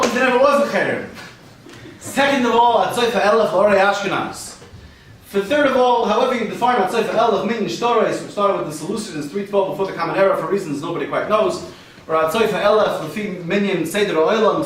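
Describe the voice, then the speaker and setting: A man's voice: sits high, a bit bright, distant mic, slight background noise. A man performing a rambling stand-up set for a live audience, joking and sprinkling in Yiddish and Hebrew terms. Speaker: stand-up comedian. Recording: echoey room recorded from afar.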